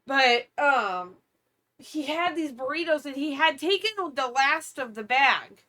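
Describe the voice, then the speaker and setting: A woman in her thirties co-hosting a podcast, telling funny stories in a casual, animated way and laughing often. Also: sits high, a little slow. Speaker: podcast co-host. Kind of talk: casual storytelling chat.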